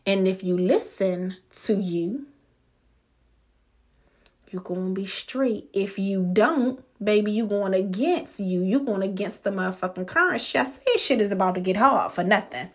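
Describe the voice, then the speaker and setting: A woman hosts a podcast and talks straight at the listener, blunt and full of swearing. She takes her time and leans hard on the words she wants to land. Her pitch sits in an ordinary middle range. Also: a little slow. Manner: blunt, profane and emphatic, drawing out key words. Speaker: podcast host. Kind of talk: motivational monologue.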